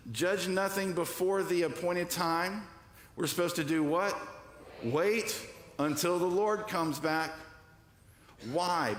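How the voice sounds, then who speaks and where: A man's voice: a bit bright, slight background noise. A man pastor preaches in a slightly raised voice, quizzing the congregation and slipping into quoted voices. His words ring through a reverberant church hall. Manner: call-and-response preaching, asks congregation "what?"; acts out quoted voices with shifts in pitch and pace. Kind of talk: sermon. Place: church sanctuary.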